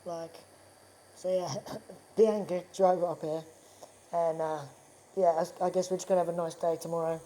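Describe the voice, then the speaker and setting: A man's voice: a little high, little pitch movement, normal speed, mellow, low-quality recording. A man chatting as a guest in a tattoo studio. He tells stories casually, swears freely and laughs often. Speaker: actor guest. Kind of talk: casual chat.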